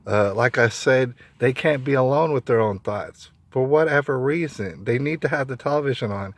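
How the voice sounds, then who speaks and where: A man's voice: medium pitch, moderate pace, dry recording. Emphatic man ranting in a dry room. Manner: emphatic, repeats himself, frequent restarts. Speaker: vlogger. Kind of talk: opinionated monologue.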